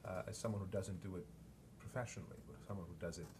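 A man in a class asking a question, hesitant, with pauses and fillers. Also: low-pitched, noisy background.

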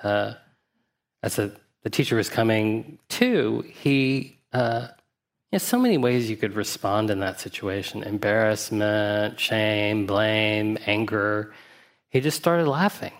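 Male meditation teacher, lowish voice, dharma talk: reflective, anecdotal, gently humorous. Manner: reflective, unhurried asides with 'uh' and 'you know'.

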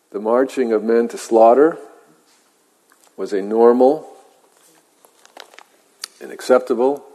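A man, a meditation teacher, telling a story in a measured, reflective way with halting pauses, in a meditation hall. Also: medium pitch, warm tone. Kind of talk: dharma talk storytelling. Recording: long hall reverb.

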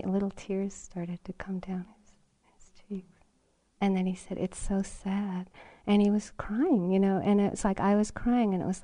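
A woman meditation teacher giving a gentle, reflective dharma talk at a retreat center, sometimes laughing softly or dropping to a whisper. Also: medium pitch.

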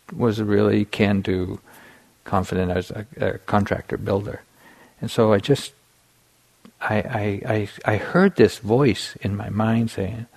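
A middle-aged man giving a meditation dharma talk, telling a personal story in a relaxed way with many fillers and restarts. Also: lowish voice, vocal fry, slightly rough. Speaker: meditation teacher.

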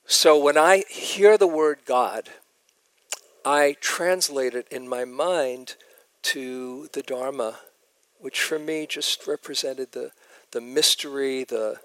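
A man giving a dharma talk as a meditation teacher at a retreat, telling stories in a gentle, reflective way. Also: medium pitch, no echo.

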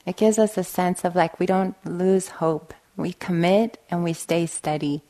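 A woman meditation teacher giving a gentle dharma talk, telling stories and often checking in with "right?". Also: on the low side, fairly even intonation, unhurried. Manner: gentle, storytelling, frequent "right?". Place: meditation hall.

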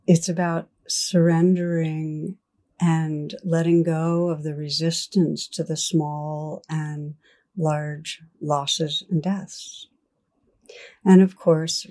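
A middle-aged woman meditation teacher giving a gentle, reflective dharma talk in a personal tone. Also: deep voice.

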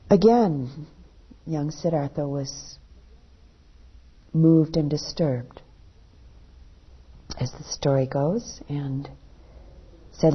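A woman meditation teacher telling a story in a dharma talk, unhurried, her voice dropping softly at the ends of phrases, on a dull lo-fi recording. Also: sits low, breathy edge.

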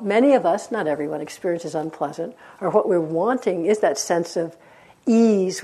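A woman's voice: on the low side, slightly rough. A woman meditation teacher giving a dharma talk, telling stories in a conversational way with frequent laughter. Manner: warm conversational storytelling, laughs often.

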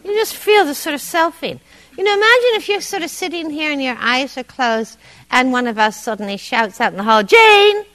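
A woman meditation teacher giving a dharma talk in a meditation hall, conversational and gently humorous. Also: sits high, fairly quick.

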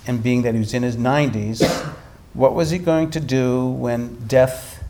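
Animated man telling a dharma story. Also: medium pitch, a little slow, loud music behind the voice. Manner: animated storytelling with frequent restarts. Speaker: meditation teacher.

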